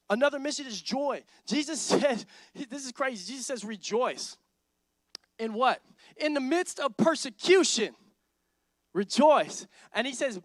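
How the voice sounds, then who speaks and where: A man preaching a sermon as lead pastor, energetic and emphatic, repeating lines and building intensity. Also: extremely high pitch, unhurried, dry recording, clean studio sound. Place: church sanctuary.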